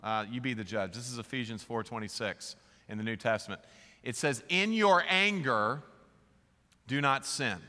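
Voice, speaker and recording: Animated preacher man in a reverberant hall. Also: medium pitch, moderate pace. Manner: conversational, rhetorical questions, animated. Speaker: pastor. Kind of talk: sermon. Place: large church hall.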